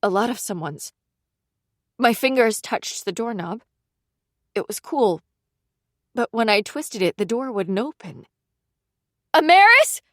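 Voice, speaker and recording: A woman narrating a suspense audiobook in the first person, with a measured, tense reading. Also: mid-range voice, lively intonation, no echo, studio quality.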